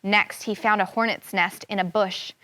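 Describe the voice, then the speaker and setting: A woman's voice: medium pitch, fairly even intonation, normal speed, pushed and bright, dry recording. A woman teacher reading a folk tale aloud to children, stopping to explain words and voicing the sound effects with expression. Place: classroom studio.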